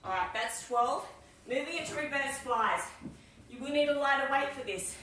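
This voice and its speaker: An upbeat woman leads a weights workout, counting reps and cueing each breath. Her voice is very bright and sits fairly high. She sounds a bit away from the mic, in a room with a strong echo. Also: animated, moderate pace, slight background noise. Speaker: fitness instructor. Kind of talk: live workout coaching. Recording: echoey room, mic at a distance.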